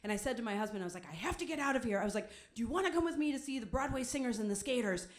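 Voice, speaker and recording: A woman's voice: a little high, expressive, rapid-fire. A young woman telling a comic personal story on stage, chatty and self-mocking, with many "like"s. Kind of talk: live comedic storytelling.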